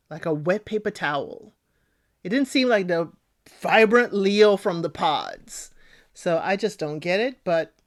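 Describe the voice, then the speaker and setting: Woman host, casual TV recap, lively delivery, acts out quotes in her monologue. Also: lowish voice. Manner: expressive, acts out other people's lines. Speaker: podcast host.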